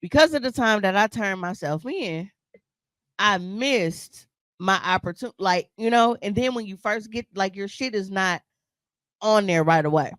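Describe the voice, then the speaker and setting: A woman's voice: medium pitch, expressive, unhurried, a bit bright, no echo. A woman co-hosting a podcast, telling a story in casual chat, blunt and profane, with frequent laughs. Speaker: podcast co-host.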